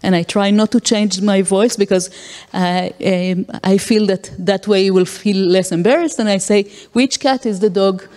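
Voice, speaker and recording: A woman's voice: mid-range voice, steady tone, normal speed, darkish tone. Woman lecturing in a reverberant hall. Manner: explains with acted-out examples and frequent fillers. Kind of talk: academic lecture.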